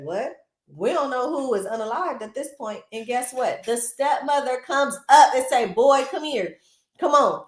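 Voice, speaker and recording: High voiced lady gossiping through a movie plot, lots of asides to viewers, roomy echo. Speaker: film recap host. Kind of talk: casual movie recap.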